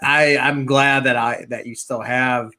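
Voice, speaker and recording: A man's voice: medium pitch, steady tone, unhurried, pushed and bright. A man co-hosting a casual podcast, friendly and greeting his listeners by name. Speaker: podcast co-host.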